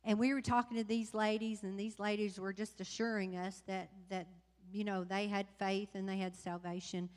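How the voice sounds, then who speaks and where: A woman tells her church about a mission trip in a rambling, animated way, backing up and restarting her sentences. Her voice sits mid-range and rings out in a church hall with a long reverb. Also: mid-range voice, normal speed, hardly any pauses. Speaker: mission trip member giving report. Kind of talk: casual testimony to congregation. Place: church sanctuary.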